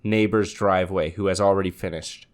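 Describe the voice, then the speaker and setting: A man's voice: sits low, steady tone, brisk, clean tone. A man co-hosting a podcast, telling stories in casual chat, cursing often and laughing. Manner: profane, laughing storyteller. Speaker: podcast co-host.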